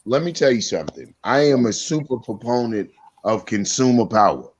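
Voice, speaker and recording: A man's voice: medium pitch, sing-song, moderate pace, breathy edge. A man in casual discussion, earnest and opinionated, holding forth on a point. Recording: slightly dull, lo-fi sound.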